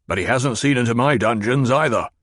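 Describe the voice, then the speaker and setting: A man's voice: medium pitch, a little fast, a bit bright, no echo, clean studio sound, natural voice. A man voicing a fat, pompous and petulant old baron who blusters and demands answers. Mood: demanding.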